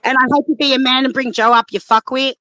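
A woman's voice: high voice, fairly even intonation, quick pace, pushed and bright, no room sound, muffled recording. A woman from Australia, calling into a live stream and swearing angrily through a heated argument. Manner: angry, swearing, hurling insults. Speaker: caller.

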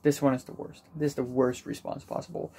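A man's voice: medium pitch, level tone, brisk, mellow, breathy edge. A young man talking in an anxious, self-deprecating ramble with many repetitions in a personal video diary. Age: young adult. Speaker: vlogger.

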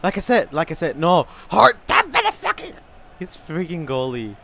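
A man commenting on a video game he is playing. He talks in an excitable way, yells a lot and swears often. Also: fairly high pitch, moderate pace, vocal fry, slight background noise. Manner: excitable, yelling and cursing a lot. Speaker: gaming channel host.

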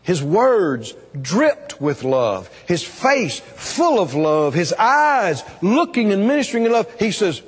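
Emphatic high-pitched preacher in a hall. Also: male voice, big pitch swings, slow, few pauses, husky. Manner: emphatic, call-and-response with the congregation. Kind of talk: revival sermon. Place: church or meeting hall.

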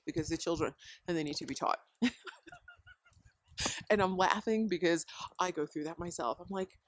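A homeschooling mom chats casually to the camera outdoors by her deck and chickens, meandering through parenting advice with lots of fillers and chuckles. Her low voice moves a little fast, broken by long pauses, over a faint hiss or hum.

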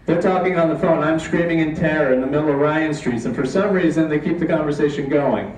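Deadpan male storyteller on a live stage. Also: fairly high pitch, fast, crowd noise. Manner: deadpan, mock-dramatic comic delivery. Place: live stage before an audience. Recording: echoey room, distant mic, faint ambience.

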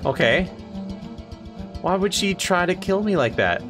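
A man hosting a let's play, reacting to the game aloud in an excitable, exclaiming, self-mocking way. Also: high voice, measured pace. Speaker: gaming channel host. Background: game music.

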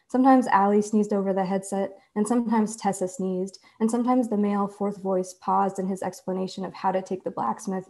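A woman author reading her own fiction aloud in a measured, deliberate way. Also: medium pitch, a little mellow. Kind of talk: literary reading.

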